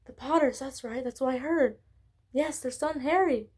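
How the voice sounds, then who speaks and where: A woman as a hushed, excited whisperer. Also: sits high, normal speed, husky. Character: gossiping whisperer in a cloak.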